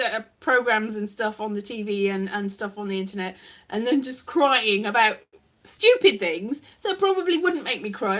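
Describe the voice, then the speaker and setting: A woman's voice: fairly high pitch, pushed and bright. A young woman vlogging casually to live viewers, rambling and self-mocking, now and then slipping into silly voices.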